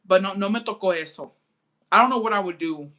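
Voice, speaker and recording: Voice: mid-range voice, fast talker, sharp tone. A young adult telling a family story in a casual, profane way, switching between English and Spanish and talking straight to viewers. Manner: chatty, addresses viewers directly. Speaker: storytime vlogger.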